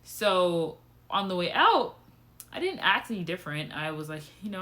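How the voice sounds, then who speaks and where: Bright-voiced young woman vlogging candidly. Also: moderate pace. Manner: animated and candid, with frequent swearing and lively pitch swings. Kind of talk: casual personal storytelling to camera.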